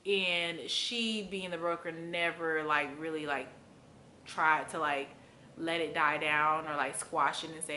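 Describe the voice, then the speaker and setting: Young woman from Florida, storytime vlogger, bright forceful voice, faint room hum, animated and profane. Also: a little slow. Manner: animated, profane, loose with many fillers; acts out quotes with big pitch jumps. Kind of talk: candid storytime chat to camera.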